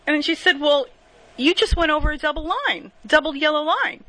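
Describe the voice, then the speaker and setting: A woman's voice: sits high, fairly even intonation, brisk, pushed and bright, dry recording, rough recording. A woman telling rambling stories in a casual monologue, laughing at herself and swearing freely.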